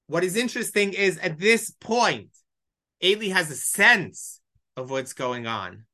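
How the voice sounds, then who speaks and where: A man teaching a Bible lesson verse by verse, reading lines aloud and explaining each in English. His voice is bright and clear, and his delivery is emotional, sometimes choked up. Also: fairly high pitch, sing-song, unhurried. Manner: reads Hebrew verses then explains in English. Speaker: Torah teacher. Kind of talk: text study lesson, translating verse by verse.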